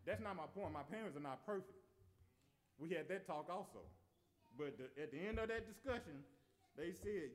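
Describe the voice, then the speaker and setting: A man's voice: on the high side, lively intonation, normal speed, long pauses. A man preaching a sermon, earnest, often repeating and restarting his words.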